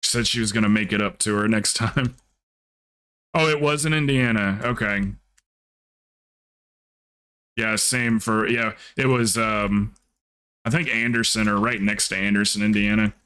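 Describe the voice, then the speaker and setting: A man from the American South with a mild Southern accent, telling stories in a relaxed, rambling way during a casual stream chat. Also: fairly low pitch, measured pace, long pauses, clean tone.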